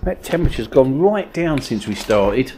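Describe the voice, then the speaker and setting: A man's voice: medium pitch, very animated, moderate pace, warm tone, slight background noise. A man hosting a ghost-hunt vlog, coaxing and questioning spirits in the cellar rooms of an old mill. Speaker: paranormal investigator host.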